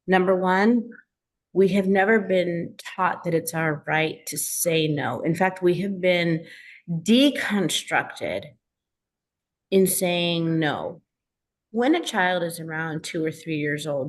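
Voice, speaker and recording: Earnest woman coach with a lowish voice. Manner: earnest, emphatic, tells personal stories. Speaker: self-help coach and teacher. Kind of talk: teaching an online class.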